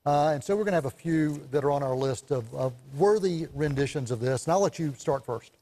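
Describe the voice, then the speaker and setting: Need a lively, slightly higher-voiced man co-hosting a film chat show, chatty storyteller who laughs a lot. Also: fairly quick. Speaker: co-host, film reviewer. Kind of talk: casual chat about movies.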